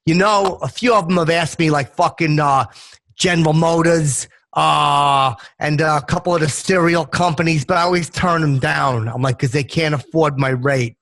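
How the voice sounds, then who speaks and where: Chip Chipperson: a man doing a deadpan clueless bro. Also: fairly high pitch, normal speed. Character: crude dim young Boston bro host. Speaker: podcast host. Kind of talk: comedic character podcast chat.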